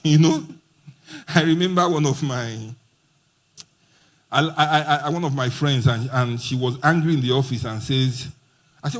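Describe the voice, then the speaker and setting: A man's voice: high voice, very animated, normal speed, fairly bright tone. A man giving a playful motivational talk at a conference, acting out quoted dialogue. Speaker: conference speaker. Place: conference hall.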